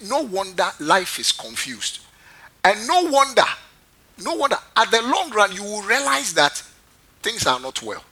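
A pastor preaches a call-and-response sermon, quizzing his congregation and repeating phrases for emphasis. His voice sits high and sounds pushed and bright, with a breathy edge.

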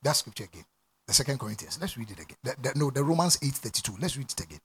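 A man preaching a sermon to a congregation, repeating phrases, laughing and breaking into shouts. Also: medium pitch, sing-song, very fast, breathy edge. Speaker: pastor. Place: church before a congregation.

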